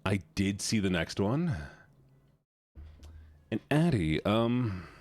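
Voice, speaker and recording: Low-voiced exasperated male streamer. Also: big pitch swings, slow pace, darkish tone, no room sound. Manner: exasperated, sighs often, swears, repeats himself. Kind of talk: casual livestream reaction chat.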